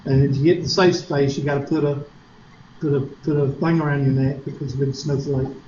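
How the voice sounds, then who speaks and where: A man's voice: mid-range voice, steady tone, a little fast, a little mellow, highs cut off, a little hiss or hum. A man with a South Carolina Southern accent lecturing a math class, chatty and joking, asking the class rhetorical questions. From Upstate South Carolina, US. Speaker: college math teacher.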